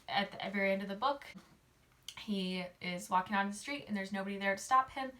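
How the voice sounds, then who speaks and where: A woman's voice: mid-range voice, pushed and bright. A woman casually recapping a novel in a chatty way, full of "like" and "um", briefly acting out the characters' lines. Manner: chatty, filler-heavy, uses "like" a lot; acts out characters' lines in quick quoted voices. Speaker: book summary host.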